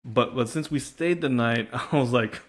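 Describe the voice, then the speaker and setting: A man's voice: medium pitch, normal speed. Playful, stammering male co-host. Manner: playful storyteller, stammers on restarts. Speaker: podcast co-host. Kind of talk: casual podcast chat.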